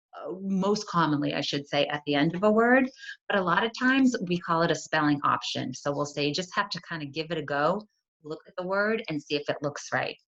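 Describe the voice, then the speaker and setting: Speaking on the low side with a slightly bright tone, a middle-aged curriculum coordinator gives parents a friendly walkthrough of spelling strategies. She keeps it conversational and checks in with "right?", though the lo-fi computer audio is dull.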